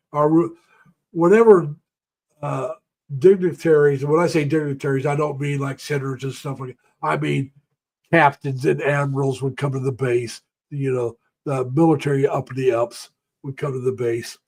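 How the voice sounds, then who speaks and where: A man's voice: mid-range voice, a little mellow. Older man rambling through folksy stories. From United States. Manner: rambling, folksy storytelling, greeting viewers by name. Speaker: live-stream host. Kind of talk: casual live-stream chat.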